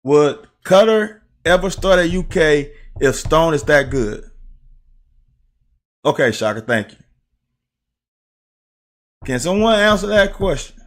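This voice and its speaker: Fairly high-pitched and animated yet slow, with long pauses, this middle-aged man has a Southern American accent. A former player, he hosts casual live-stream commentary on game film, swearing and talking bluntly to chat.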